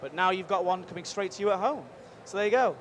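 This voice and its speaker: Working a game convention booth, a man with a high-pitched voice hosts an upbeat live stream, chatty and energetic and rambling with quick restarts. The busy show floor leaves faint crowd noise in the background.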